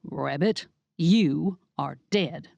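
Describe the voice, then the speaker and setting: A woman's voice: low voice, drawn-out words, creaky, dark tone, dry recording, lo-fi sound, full character voice. A woman voicing a menacing, enraged woman with a knife in an audiobook, threatening in tone. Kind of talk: audiobook character voice.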